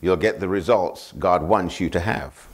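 A male pastor preaching a sermon, prompting the congregation to finish his phrases and repeating scripture references slowly for emphasis. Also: sits low. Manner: call-and-response, asking the congregation to finish his lines.

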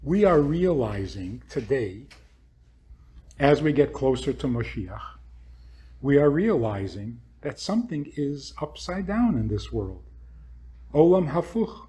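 A man's voice: mid-range voice, very animated, slow, warm tone, breathy edge. A man speaking as a rabbi, lecturing an audience with provocative rhetorical questions and acting out what imagined people would say.

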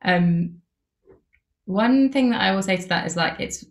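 A woman with a mid-range voice teaches an interviewing masterclass at a measured pace, her voice echoing in a reverberant space. As the workshop instructor, she's casual and chatty, filling her speech with lots of "like" and "um."

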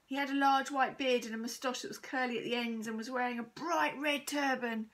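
A woman teacher reading a children's chapter book aloud, steady and expressive. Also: high voice, a little fast, rough recording. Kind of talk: storybook read-aloud.

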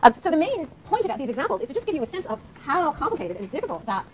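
A woman lecturing a class at a rapid clip, her voice rising and falling in lively swings. She speaks a little higher than most women and fills her pauses with quick "um"s. The recording carries a faint hum of room ambience behind her. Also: rough recording. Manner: fast, animated explaining with frequent fillers. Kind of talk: university lecture. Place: lecture hall.

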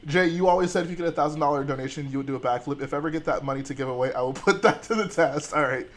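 A man's voice: on the high side, rapid-fire, a bit bright. A young man from Texas hosting a casual livestream, trading laid-back jokes with his chat. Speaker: livestream host.

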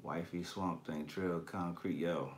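A man with a low voice, fairly even intonation, and a slightly slow delivery hosts a collectibles channel livestream. He chats casually, reads viewer comments, uses slang and profanity, and laughs a lot.

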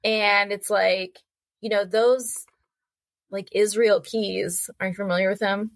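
A young woman guest on a podcast, telling animated, chatty anecdotes and acting out voices as she goes. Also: mid-range voice, slow, dry recording. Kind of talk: casual storytelling conversation.

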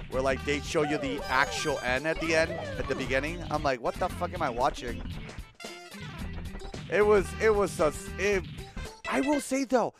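A man in his thirties chatting casually on a livestream while gaming, rambling, swearing often and breaking into laughter. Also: a little high. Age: 30s. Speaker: streamer.

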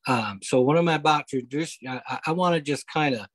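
A man leading a Bible study over a video call, explaining scripture step by step, often pausing on okay and uh. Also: fairly high pitch, no echo, rough recording. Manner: explanatory, repeats key points, frequent okay and uh. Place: home, online meeting.

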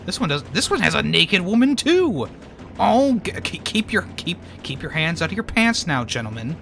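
A man's voice: sits high, very animated, moderate pace, creaky, sharp tone, faint music behind. A man streaming a war video game, giving casual joking commentary, laughing often and swearing now and then.

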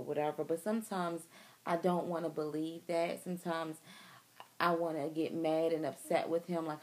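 Recorded outdoors, a young woman opens up to her viewers in a candid, emotional video diary. She speaks with a low-pitched, somewhat dark voice.

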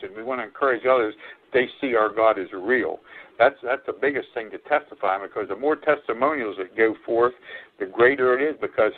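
A man preaching a sermon on his radio program, earnest and repetitive, with frequent fillers and restarts. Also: mid-range voice. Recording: tinny phone-line radio broadcast.

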